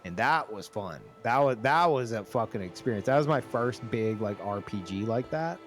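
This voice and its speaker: A man's voice: medium pitch, animated, normal speed, soft background music. A man in his thirties hosting a stream, chatting casually and animatedly, swearing freely. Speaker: streamer host. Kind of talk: casual chat.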